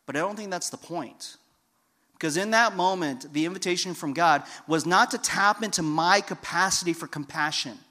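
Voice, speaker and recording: A man preaching a sermon with a fairly high voice. He tells stories from his own life, dropping to a hush and then rising to loud, emphatic peaks. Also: moderate pace. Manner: storytelling, swings between hushed and loud emphatic. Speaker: pastor.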